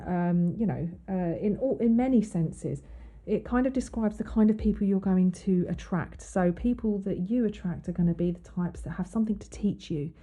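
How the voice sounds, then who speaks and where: A woman hosts an astrology podcast in a fairly low, dark voice. Her casual explanatory monologue is chatty, littered with ums and restarts, and she reads quotes aloud.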